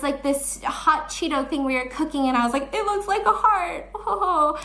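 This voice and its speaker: A woman with a high-pitched voice tells a personal story. She sounds earnest and shaken, often doubting herself as she talks it through. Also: a bit bright. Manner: earnest, shaken, self-questioning. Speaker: storyteller vlogger.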